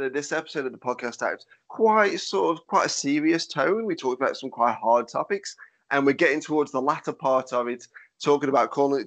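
Nasal, monotone podcast host. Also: male voice, medium pitch. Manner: sweary, laughing, easygoing. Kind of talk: casual chat.

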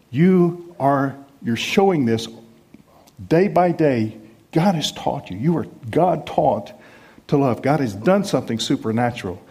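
A middle-aged man from the United States preaching a sermon in a conversational, self-deprecating way with lively emphasis. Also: a little high, slightly rough. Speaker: pastor.

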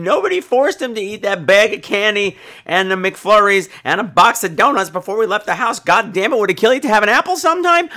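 A man's voice: sits high, pushed and bright. A man hosting a podcast, telling a profane, theatrical comic story. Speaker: podcast host.

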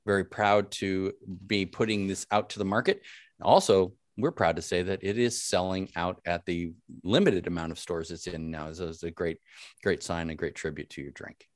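A man hosts a podcast in a lowish voice, recorded dry and close. He sounds upbeat and rambles a little, with fillers and some mild swearing. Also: moderate pace, no room sound. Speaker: podcast host. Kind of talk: casual interview chat.

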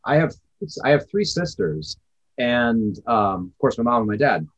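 Husky man with dull, muffled sound. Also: medium pitch, sing-song, a little slow. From Wisconsin. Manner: reflective, rambling storytelling. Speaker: podcast co-host. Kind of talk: casual podcast chat.

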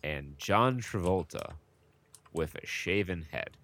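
A man's voice: low voice, animated, slow pace, a bit bright, slight background noise. A man co-hosting a podcast in casual chat, with dry sarcastic humor. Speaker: podcast co-host.

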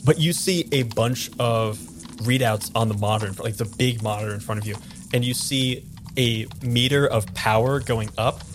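A man's voice: medium pitch, moderate pace, background noise. A man narrating a tabletop role-playing game as game master, talking casually and rambling with lots of fillers.

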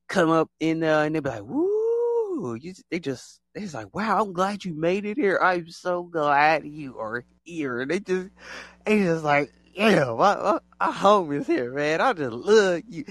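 A man rambles through a casual monologue to his listeners, his pitch swooping up and down as he gets animated. He circles back on his points and leans on fillers. The recording is close and dry. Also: dry recording. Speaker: podcast host.

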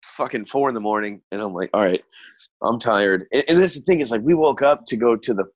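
A man with a middle-pitched voice tells a loose, profane party story, hungover and hiccuping as he rambles. His voice sits close and dry on the mic, with no room around it. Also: expressive, fast talker, darkish tone, dry recording, poor audio. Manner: rambling, profane, laughing often. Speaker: podcast co-host. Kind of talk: casual comedic storytelling.

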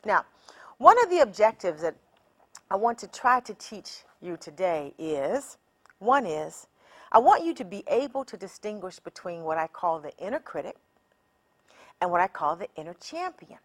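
A woman hosting a self-help podcast, speaking in a calm coaching way that builds to emphatic encouragement. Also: on the low side, normal speed. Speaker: podcast host. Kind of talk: reflective self-help teaching.

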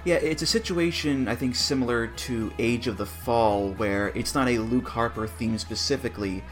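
A man's voice: medium pitch, moderate pace, faint music behind. A man co-hosting a podcast, chatting casually and reassuringly as he breaks down songs. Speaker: podcast co-host. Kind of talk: casual chat about wrestling theme songs.

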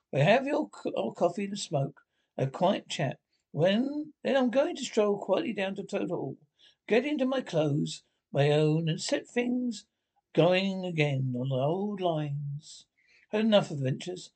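A man voicing a vain, excitable male toad in a storybook reading, talking in fretful, gushing bursts. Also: on the high side, creaky, breathy edge, full character voice. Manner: fretful, gushing speech full of restarts. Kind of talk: storybook character voice.

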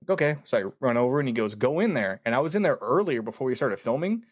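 A man casually telling a long story, animated and quoting himself often with words like "dude". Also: medium pitch, racing, no room sound. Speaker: podcast guest.

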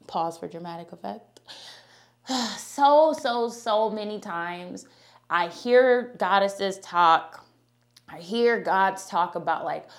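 A woman's voice: medium pitch, takes it slowly. Chatty woman podcast host. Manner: chatty, animated, talks directly to listeners. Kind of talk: casual podcast talk with ad read.

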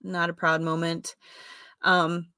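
A woman candidly telling a personal story in a rambling way, often correcting herself, with fillers and soft laughs. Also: lowish voice, level tone, slow pace, smooth, no echo, studio quality.

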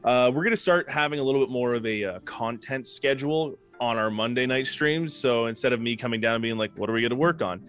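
A man's voice: medium pitch, quick pace, few pauses, a bit bright, clear, resonant tone. A man who runs the game, rambling through announcements with fillers and laughs. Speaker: game master and co-host. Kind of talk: casual stream announcements.

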